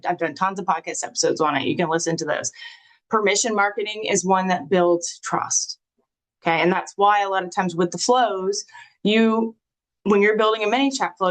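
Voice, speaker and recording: A woman giving a live marketing training in a lively, conversational way, sometimes acting out sample messages in a sing-song voice. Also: mid-range voice, poor audio.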